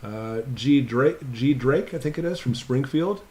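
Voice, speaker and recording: A man's voice: mid-range voice, animated, a little slow, mellow. A man hosting a casual live stream Q&A, reading viewers' names off his computer and greeting each one in an upbeat, chatty way.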